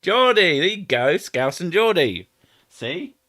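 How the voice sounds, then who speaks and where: A man's voice: high voice, big pitch swings, takes it slowly, sharp tone. A man with an Edinburgh Scottish accent, hosting a live stream in rambling casual chat, swearing and trying out silly impressions. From Scotland. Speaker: streamer host.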